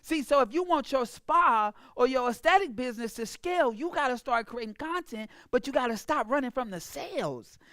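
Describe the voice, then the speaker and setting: Woman coach, high voice, emphatic and preachy, dry close sound. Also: lively intonation, moderate pace, hardly any pauses, fairly bright tone, dry recording. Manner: emphatic, preachy, acts out clients in a mocking voice. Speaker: business coach. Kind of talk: motivational sales talk.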